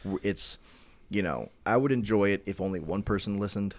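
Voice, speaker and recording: A man's voice: lowish voice, fairly quick. A man co-hosting a podcast, telling a long story in casual chat with lots of fillers and restarts. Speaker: podcast co-host.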